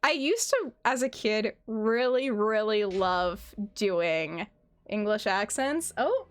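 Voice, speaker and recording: A woman's voice: mid-range voice, animated, slow pace. A young woman chatting casually on a gaming livestream, giggly and self-deprecating. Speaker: streamer.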